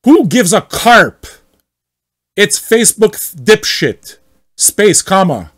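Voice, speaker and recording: A man putting on a raging, shouty ranter. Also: a little high, big pitch swings, exaggerated voice. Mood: enraged. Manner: shouty, indignant, drawn-out delivery. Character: furious adult man ranting in an online post.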